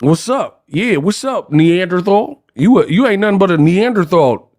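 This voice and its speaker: A man's voice: high-pitched, animated, normal speed, darkish tone, pitched above the performer's own voice. A man putting on the voice of a tough gangster from a censored TV movie, mocking with goofy clean insults.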